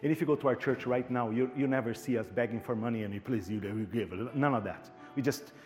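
A man's voice: medium pitch, fast talker, soft background music. A male pastor telling a story in a sermon. He acts out the dialogue with animation and often repeats words.

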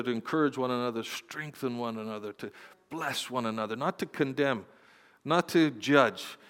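A man pastor preaching a sermon, swinging between loud, fervent exhortation and quiet, tender storytelling. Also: medium pitch. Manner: impassioned preaching, rising to loud exhortation and dropping to soft storytelling. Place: church sanctuary. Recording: long hall reverb.

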